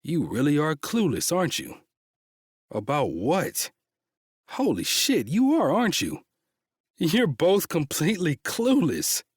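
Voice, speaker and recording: A man's voice: a little high, sing-song, a little slow, breathy edge, no echo, studio quality, exaggerated voice. A man doing a curt, mocking tough guy. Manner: curt, taunting, swears. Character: blunt protective adult man, mocking. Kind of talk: audiobook character voice.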